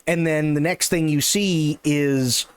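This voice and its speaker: A man's voice: a little high, fairly even intonation, slow pace, clean tone, dry recording. A male streamer ranting in casual, profane, sarcastic chat on a live stream.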